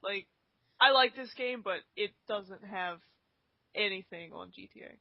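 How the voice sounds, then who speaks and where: High-voiced man chiming in on a podcast. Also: unhurried, gravelly, dry recording. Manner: short eager interjections. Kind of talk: casual chat. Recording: dry, dull lo-fi sound.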